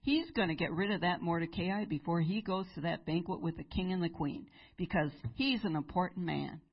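Woman, preacher, animated storytelling sermon, husky, muffled low-fi sound. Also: fairly quick.

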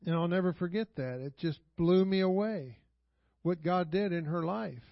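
A man with a high-pitched voice preaching a sermon in a church, telling stories like casual talk and pressing the people with rhetorical questions. He chuckles often as he goes. The recording is dry and dull, lo-fi with no room echo. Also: moderate pace, vocal fry. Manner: conversational storytelling with frequent rhetorical questions. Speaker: pastor. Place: church sanctuary.

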